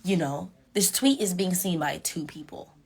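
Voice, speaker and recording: A young woman chatting casually with fans on a live stream, animated and sassy, talking straight to her viewers. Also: lowish voice, normal speed, gravelly, husky. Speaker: reality show contestant on a live stream. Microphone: phone.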